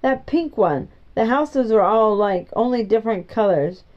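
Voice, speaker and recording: A woman's voice: a little high, animated, normal speed, lightly acted. A woman reading the lines of an argumentative young boy, defensive and matter-of-fact, in a storybook. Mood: plain. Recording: dull lo-fi recording.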